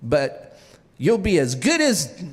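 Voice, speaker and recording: Deadpan joking ER doctor, matter-of-fact, as a male storyteller does him; animated delivery, roomy hall. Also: on the high side, slow, breathy edge, pitched below the performer's own voice, exaggerated voice. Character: joking ER doctor, deadpan middle-aged man. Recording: reverberant live hall.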